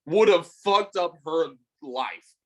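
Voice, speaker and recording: A man's voice: a little high, lively intonation, slow pace, fairly bright tone, poor audio. Man telling a rambling road story. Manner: rambling, swears a lot, acts out his own lines. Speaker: podcast co-host. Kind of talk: casual storytelling.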